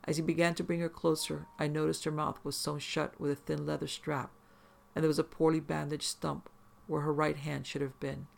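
A man's voice: on the high side, flat delivery, a little fast, creaky. A man narrating a first-person horror story in an intense, profane, vivid way.

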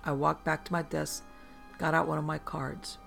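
A narrator telling a first-person horror story in a dry, measured way with slow dramatic pauses, over a faint music bed. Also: medium pitch, flat delivery, vocal fry, fairly bright tone.

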